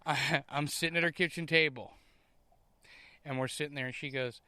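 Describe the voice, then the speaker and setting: A man hosting a podcast, telling a story in a casual, animated way, tripping over and repeating his words. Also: fairly high pitch, normal speed, clear, resonant tone, no room sound. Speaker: podcast host.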